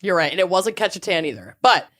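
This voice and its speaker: A woman's voice: on the low side, very animated, fast, fairly bright tone. A woman in her thirties co-hosting a casual podcast, telling stories in a chatty way and swearing as she laughs along. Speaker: co-host. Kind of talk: casual chat. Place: home studio, video recorded.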